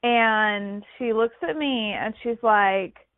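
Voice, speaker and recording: A woman with a fairly high voice tells her story in a lively, animated way, acting out the people she quotes. The sound is thin and phone-like, with no room echo at all. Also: slow. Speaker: podcast co-host. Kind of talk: casual storytelling. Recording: dry, phone-like line.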